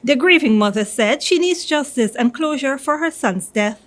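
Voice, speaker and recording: A woman with a Guyanese accent reading a news report voice-over in a measured, formal way. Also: high-pitched, lively intonation, a bit bright.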